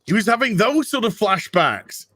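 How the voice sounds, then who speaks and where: A man's voice: high-pitched, big pitch swings, moderate pace, a bit bright. A man ranting with heavy swearing as a guest in a casual podcast chat. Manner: profane, ranting.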